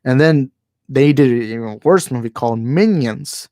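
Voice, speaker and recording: A man's voice: medium pitch, normal speed, warm tone. A man hosting a casual live stream from home speaks into a handheld microphone in a middle-range voice. He rambles, trips over his words and restarts, and often apologizes for his opinions. The sound is dry and close, with no room echo. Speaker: channel host. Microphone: handheld microphone moved closer while talking.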